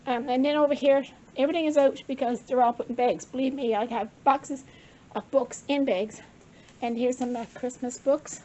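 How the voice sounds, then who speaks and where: A woman's voice: high voice, fairly even intonation, normal speed, mellow, slight background noise, low-quality recording. An older woman giving a casual, rambling show-and-tell of her craft supplies, slightly out of breath and correcting herself as she goes. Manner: rambling, chatty, self-correcting. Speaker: craft vlogger.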